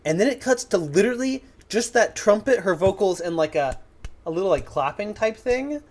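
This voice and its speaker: A man's voice: sits high, expressive, normal speed, a little mellow. A teenage boy co-hosting a music podcast, giving blunt opinions in casual chat full of fillers. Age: teens. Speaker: podcast co-host.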